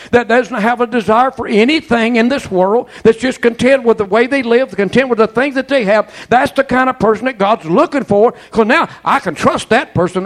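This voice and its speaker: High-voiced man preaching fervently. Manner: fervent preaching with frequent amens and praise interjections; folksy, colloquial storytelling. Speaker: pastor. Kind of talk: sermon.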